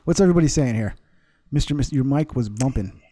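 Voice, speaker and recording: Rambling male livestream host, dark voice. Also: mid-range voice, animated, quick pace, no echo. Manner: rambling, laughs often, reads chat aloud. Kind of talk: casual live stream chat.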